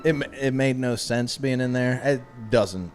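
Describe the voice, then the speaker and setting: A man co-hosting a horror movie review podcast, giving hesitant, even-handed verdicts with many restarts. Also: medium pitch, unhurried, soft background music. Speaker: podcast co-host. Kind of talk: casual movie review chat.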